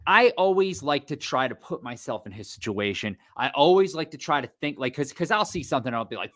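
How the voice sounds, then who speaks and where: A man co-hosting a casual fight-sport podcast, animated and profane, acting out what people said. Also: medium pitch, a little fast, hardly any pauses. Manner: animated, swearing, acting out quotes. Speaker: podcast co-host.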